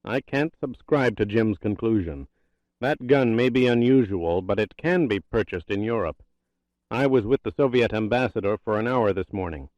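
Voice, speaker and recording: A man reading an audiobook, voicing a measured secretary of state who objects in a formal way. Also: fairly low pitch, darkish tone, no room sound, close to an everyday voice. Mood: objecting.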